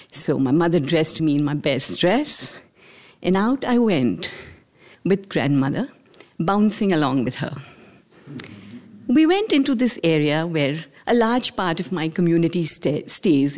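Indian woman in her 40s telling her own story, slow halting phrases, lots of little pauses. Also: on the low side, darkish tone. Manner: measured, halting, with short pauses between phrases. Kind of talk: personal storytelling talk.

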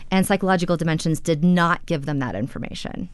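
A woman's voice: lowish voice, quick pace, clean tone, no echo. A woman reporter explaining her story in a conversational radio interview, with frequent "you know" fillers.

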